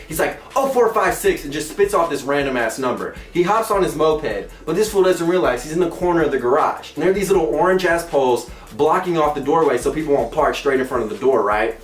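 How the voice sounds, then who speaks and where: A young man hosting his own show, telling a funny personal story with animated, squeaky outbursts and playful voices. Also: fairly quick, hardly any pauses. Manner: animated, breaks into squeaky exclamations and mock singing. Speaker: comedic storyteller host. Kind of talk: comedic storytelling vlog. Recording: echoey room, mic at a distance.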